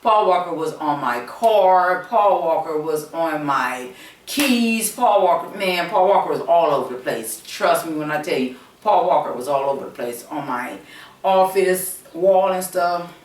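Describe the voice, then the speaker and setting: A woman's voice: lowish voice, lively intonation, unhurried, far from the mic, a little hiss or hum. A woman host chatting casually to her viewers, rambling and repeating herself with plenty of fillers. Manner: rambling, repetitive, many fillers, addresses viewers directly. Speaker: channel host. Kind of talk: casual storytelling chat. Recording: roomy echo, speaking away from the mic.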